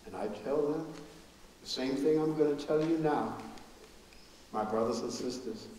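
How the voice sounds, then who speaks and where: A man's voice: on the high side, normal speed, a little mellow, a little hiss or hum, natural voice. An actor playing an elderly preacher father who tells his family's story with earnest grief and stumbles over repeated words when moved. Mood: sorrowful. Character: grieving elderly preacher father, steadfast and forgiving. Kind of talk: live theatrical storytelling. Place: school auditorium. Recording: echoey hall, mic far off.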